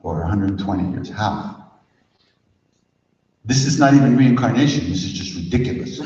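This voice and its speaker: Brief: low-pitched older man, chatty workshop storyteller, heard far off in a long-reverb hall. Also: animated, normal speed, long pauses, dark tone. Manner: conversational, chuckling, says "you know" often. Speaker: spiritual teacher leading a workshop. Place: large retreat hall. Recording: echoey hall, distant dull mic, faint noise.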